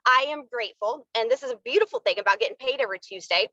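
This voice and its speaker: A woman's voice: on the high side, fast talker, bright, forceful tone, no echo, highs cut off. Fired-up woman giving a motivational team talk. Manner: candid, fired-up, uses y'all. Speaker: network marketing team leader.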